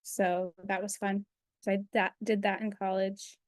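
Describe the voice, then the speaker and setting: A woman's voice: mid-range voice, little pitch movement, unhurried, dry recording, studio quality. A young adult woman chatting as a guest on a video call, rambling with lots of fillers. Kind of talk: casual interview chat.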